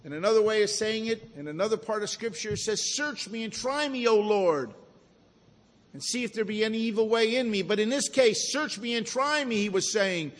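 A high-voiced man delivers a sermon, lingering on key words and dropping his voice low and quiet to stress them. His voice rings with the long reverb of a large hall. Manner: slow, emphatic preaching with dramatic drops to a hush. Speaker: preacher.

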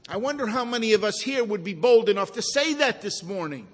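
A man preaching a sermon with slow, emphatic delivery that often sinks to a hush for effect. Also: high voice, expressive, long reverb tail.

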